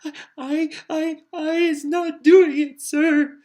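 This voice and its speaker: A man voicing a frightened female house-elf servant who stammers in a squeaky, high voice. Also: level tone, slow, dark tone. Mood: terrified.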